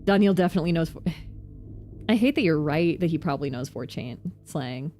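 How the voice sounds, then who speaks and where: A woman vtuber chats through a game in casual commentary. Her voice sits low with a warm, mellow tone. She jumps between quick self-mocking asides. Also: lively intonation, faint music behind. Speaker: vtuber streamer.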